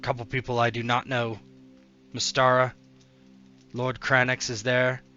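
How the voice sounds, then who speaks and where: A man's voice: medium pitch, completely flat delivery, a little slow, bright, forceful tone, dull audio, faint music behind. A man running a tabletop role-playing game, narrating loosely with many fillers. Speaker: game master.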